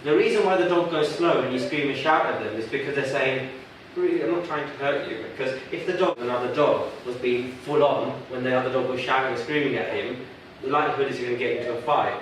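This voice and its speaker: Fast and with hardly any pauses, a dog trainer with a mid-range, fairly bright voice teaches a workshop, chatting and putting questions to the audience. The echoey room is captured from far away, with slight background noise.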